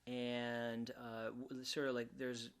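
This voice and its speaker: A man teaching ukulele in a relaxed, casual way, often restarting his words and counting beats aloud. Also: medium pitch, slow pace, clear, resonant tone. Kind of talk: casual instructional talk. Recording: ukulele music under voice. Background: ukulele playing.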